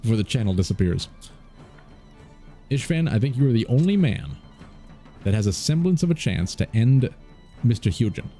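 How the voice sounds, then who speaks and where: A man's voice: mid-range voice, sing-song, normal speed, long pauses, warm tone, soft background music. A man streaming a strategy game, joking playfully and laughing often as he comments on his moves. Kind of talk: casual let's-play commentary.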